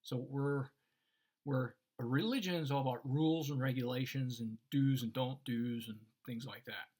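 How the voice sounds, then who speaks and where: A man's voice: medium pitch, moderate pace. A man in a casual faith discussion, explaining Christian ideas and acting out the voices in his stories. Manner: animated storyteller, acts out voices in anecdotes. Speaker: Christian teacher.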